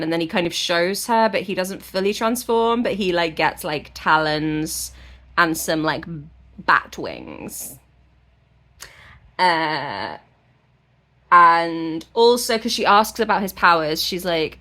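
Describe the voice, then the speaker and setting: A woman vlogger recapping a book in a casual, irreverent way, now and then swearing. Her voice sits a little low for a woman, and she keeps the tone chatty throughout. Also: slow, pushed and bright.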